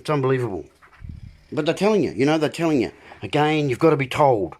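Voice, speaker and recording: A man's voice: medium pitch, expressive, fast talker, a little mellow. A man hosting a political monologue, ranting and repeating himself as he keeps addressing his listeners as folks. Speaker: video host.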